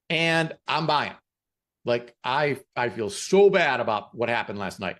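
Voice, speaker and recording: A man hosting a podcast who gives a motivational talk and tells stories in an emphatic, animated way. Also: mid-range voice, measured pace. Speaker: podcast host.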